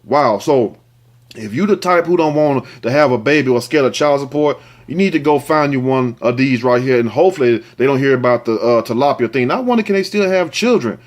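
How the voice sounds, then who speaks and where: A man's voice: medium pitch, lively intonation, fairly quick. Man riffing crudely on a news story. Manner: crude, joking asides between reading news lines. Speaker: host. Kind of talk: comedic news commentary.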